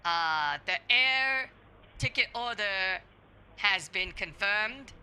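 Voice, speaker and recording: Guy doing a bright thin-sounding woman, slow and halting, lots of uhs. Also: high-pitched, expressive, smooth, pitched above the performer's own voice, exaggerated voice. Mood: hesitant. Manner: hesitant, slow, full of uh and spelled-out letters. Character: hesitant adult woman posing as scam target. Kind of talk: scambait phone role-play.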